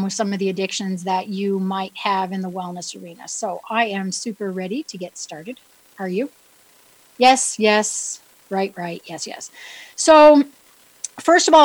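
A woman with a New England accent gives a chatty, upbeat wellness talk on her own, joking about herself and putting questions to her listeners. Her voice is mid-range, and the audio quality is poor.

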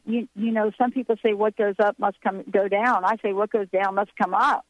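A woman's voice: mid-range voice, steady tone, moderate pace, no echo. A woman hosting a call-in radio show who affirms her guest and brings in callers. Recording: dry slightly muffled radio sound.

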